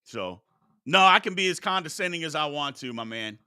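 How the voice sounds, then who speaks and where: A man's voice: fairly high pitch, animated, brisk, bright, forceful tone, smooth, no room sound, studio quality. A man hosting a sports talk show, arguing heatedly with his chat and preaching about respect. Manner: combative, preachy, exclaims "Lord have mercy".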